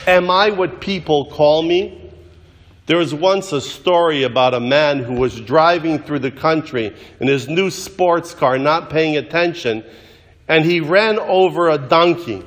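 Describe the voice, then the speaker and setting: A man preaches in a slightly high voice and takes his time over every phrase. He moves between storytelling and recitation with a measured, deliberate delivery. His voice rings out with the long reverb of a large church. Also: a bit bright. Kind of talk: sermon.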